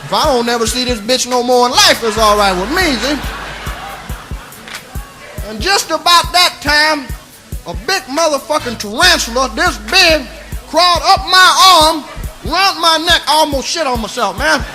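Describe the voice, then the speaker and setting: A man's voice: extremely high pitch, animated, normal speed, bright, forceful tone, faint music behind. A man telling a raunchy comic story in a sing-song, drawling way, often breaking into laughter.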